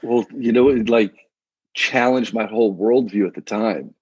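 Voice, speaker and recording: Man, 30s, podcast guest, casual slang, frequent restarts, husky voice, dry muffled recording. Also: fairly low pitch, moderate pace, dry recording. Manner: laid-back, slangy, repeats words as he restarts. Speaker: guest, men's coach.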